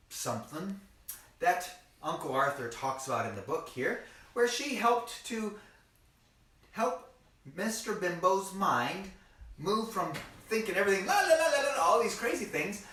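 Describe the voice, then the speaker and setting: A man's voice: high voice, sharp tone. A man telling a story to children in a playful, folksy way, talking to the kids directly as he goes. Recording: echoey room, mic far off.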